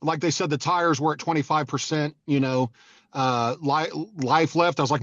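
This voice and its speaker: A man telling stories in casual podcast chat, with a deadpan manner and dry jokes. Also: on the high side, normal speed, no room sound, highs cut off. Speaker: podcast co-host.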